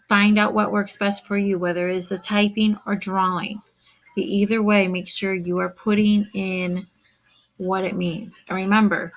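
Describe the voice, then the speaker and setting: A woman teacher talks slowly through a recorded math lesson, her voice carrying a gravelly rasp. She counts items aloud and keeps asking her students questions to check they are following. It has the feel of a screen-recorded classroom video. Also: medium pitch, poor audio.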